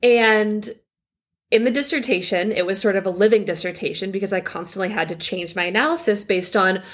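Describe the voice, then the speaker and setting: A woman in her thirties co-hosting a podcast, explaining in a relaxed, plain way and laughing easily. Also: mid-range voice, a little fast. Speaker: podcast co-host, crypto analyst. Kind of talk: casual expert chat.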